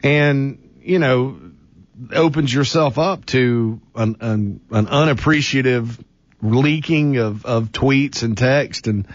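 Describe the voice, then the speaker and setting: Male radio co-host, opinionated, halting, dry lo-fi broadcast. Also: medium pitch, no echo. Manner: opinionated, many restarts. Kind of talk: sports radio talk.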